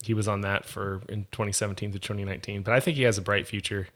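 A man's voice: fairly low pitch, steady tone, fast, a bit bright. A man co-hosting a podcast, chatting casually and thoughtfully, often correcting himself. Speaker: podcast co-host. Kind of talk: casual chat.

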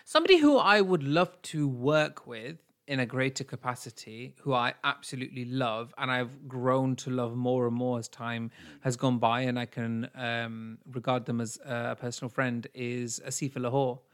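Give me a smooth-voiced man chatting bluntly. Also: mid-range voice, moderate pace, few pauses, fairly bright tone. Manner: earnest, blunt, swears freely. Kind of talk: casual podcast chat.

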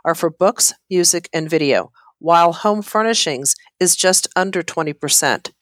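A woman's voice: on the low side, moderate pace, a bit bright, dry recording, clean studio sound. A middle-aged woman, an interior designer, talking earnestly as a podcast guest. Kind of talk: casual interview chat.

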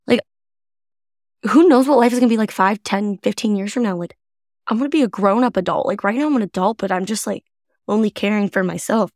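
A woman's voice: medium pitch, brisk, dry recording, clean studio sound. A woman in her twenties co-hosting a podcast, rambling casually with lots of "like". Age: 20s. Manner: animated, rambling, frequent "like". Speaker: podcast co-host. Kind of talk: casual chat.

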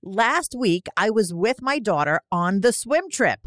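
A woman co-hosting a podcast in casual chat, playful and quick to laugh. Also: mid-range voice, big pitch swings, fairly bright tone, dry recording, clean studio sound. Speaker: podcast co-host.

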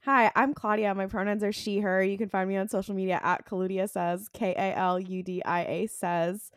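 A woman's voice: medium pitch, level tone, normal speed, smooth, no echo, clean studio sound. A woman co-hosting a casual podcast, rambling and hesitant, trailing off with fillers. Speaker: podcast co-host.

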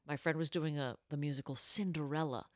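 A woman's voice: sits low, steady tone, fairly quick, no echo, studio quality. A young woman co-hosting a podcast, chatting casually and telling anecdotes with frequent laughter. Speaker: podcast co-host. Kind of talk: casual chat, storytelling.

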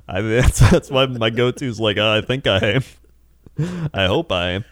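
A young man recounts weekend stories in a relaxed podcast chat, often laughing and imitating the people he met. His pitch swings widely, and the recording is dry and close. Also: unhurried, dry recording. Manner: laughing storyteller, acts out quoted people. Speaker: podcast co-host. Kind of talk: casual chat.

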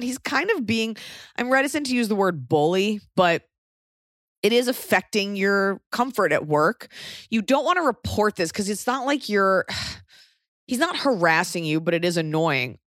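A woman's voice: on the low side, lively intonation, moderate pace, no room sound, studio quality. A young woman co-hosting a podcast, giving blunt, sarcastic advice and swearing freely. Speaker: podcast co-host. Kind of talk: casual chat, advice.

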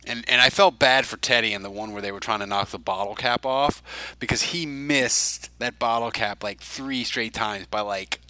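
A man's voice: medium pitch, normal speed, sharp tone, no echo, poor audio. A man hosting a podcast, chatting casually in a rambling way, full of fillers and restarts. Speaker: podcast host. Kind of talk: casual chat.

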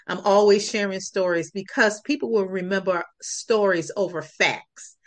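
A woman's voice: medium pitch, moderate pace. Earnest woman telling a personal story. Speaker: podcast guest.

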